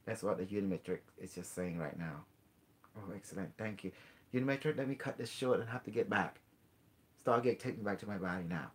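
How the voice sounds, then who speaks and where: Earnest man explaining in halting English. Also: on the low side. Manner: earnest explaining, mixes in quoted dialogue with a device. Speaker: host. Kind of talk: call-in show talk.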